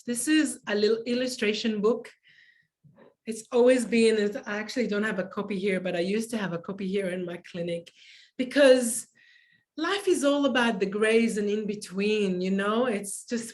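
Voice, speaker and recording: Emotional woman telling stories as a guest. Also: mid-range voice. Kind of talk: casual interview storytelling.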